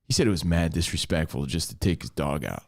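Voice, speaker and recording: A man co-hosting a podcast, telling a story in a slangy, animated way and acting out what people said. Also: rumbling low, fairly quick, vocal fry. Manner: animated, slangy, acts out quotes. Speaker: podcast co-host. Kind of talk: casual storytelling chat.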